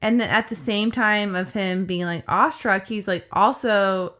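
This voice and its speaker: At a normal speed and with a medium, somewhat bright voice, a woman co-hosting a podcast tells a story again in a loose, chatty way. She leans on "like" fillers a lot and acts out what people said.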